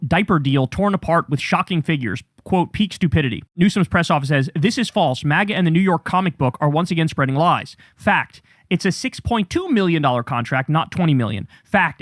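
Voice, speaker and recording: A man with a fairly high voice delivers heated, profane political commentary, reading out quoted posts and then tearing into them with sarcasm. The sound is dry and close, with no room echo. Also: a bit bright. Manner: angry, profane, sarcastic ranting; reads quoted posts aloud then reacts.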